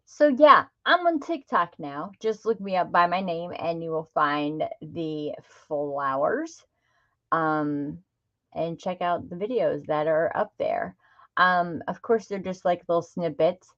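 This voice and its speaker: A woman's voice: fairly low pitch, expressive, slow, dull audio. A middle-aged woman hosting a craft livestream, chatting casually and greeting viewers by name. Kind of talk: casual live-stream chat.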